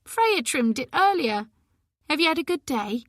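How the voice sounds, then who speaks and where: A woman voicing a gentle, grieving mother in her seventies who pleads softly and tearfully with her daughter. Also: high voice, very animated, normal speed, no room sound, studio quality, voice pushed up.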